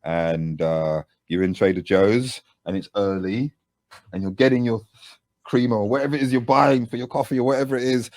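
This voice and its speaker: A man with a British accent recounts stories in an animated, chatty way. His mid-range voice sounds close and dry, with no room around it. He talks as a guest in a relaxed conversation. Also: mid-range voice, moderate pace, no room sound. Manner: animated anecdotes with lively asides and laughs. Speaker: guest, music producer and voice actor. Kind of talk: casual interview storytelling.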